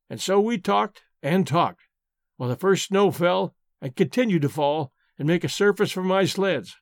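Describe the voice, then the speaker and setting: A man narrating a story for an audiobook in a measured, deliberate way. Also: sits high, dry recording, studio quality.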